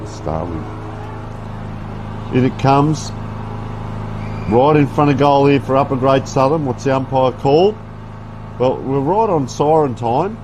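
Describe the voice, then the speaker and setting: A man's voice: medium pitch, animated, slow pace, long pauses, noisy background. A man giving folksy, chatty live play-by-play commentary on a local football game. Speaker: sports commentator. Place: outdoor football ground.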